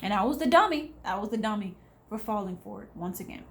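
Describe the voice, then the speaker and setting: A woman vlogger telling a personal story in a casual, animated, sarcastic way, acting out other people's lines. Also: medium pitch, fast talker.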